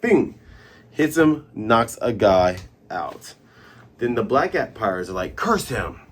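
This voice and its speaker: A man hosting a casual comic recap, animated, breaking into sound effects and character voices. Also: lowish voice, slow pace. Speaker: comic reviewer and host.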